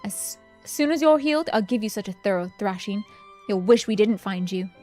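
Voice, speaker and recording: A woman's voice: mid-range voice, animated, moderate pace, darkish tone, soft background music, natural voice. Woman reading as a stern rebel captain. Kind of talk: reading game dialogue aloud.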